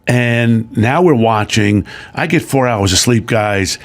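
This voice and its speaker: A middle-aged man, a guest, telling a personal story in casual chat, emotional and animated. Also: mid-range voice, slow.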